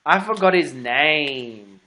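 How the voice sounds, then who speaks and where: A man's voice: fairly high pitch, lively intonation, slow pace, bright, forceful tone. A young adult man hosting a casual livestream chat, gossipy and giggly with a camp manner. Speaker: host.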